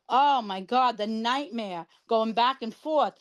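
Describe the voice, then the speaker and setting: An older woman spins a long story in relaxed podcast conversation. Her voice sits a bit high. She is chatty and animated, with a note of exasperation. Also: takes it slowly, highs cut off. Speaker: podcast co-host sharing her cancer treatment. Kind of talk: casual chat.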